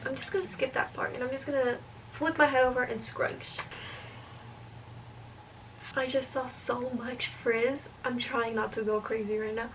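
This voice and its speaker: Chatty young woman, high voice, distant mic. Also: fairly even intonation, moderate pace, long pauses, a bit bright. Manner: chatty, self-doubting, thinks aloud while styling. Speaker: vlogger. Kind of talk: casual hair tutorial vlog. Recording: distant mic, clear room noise.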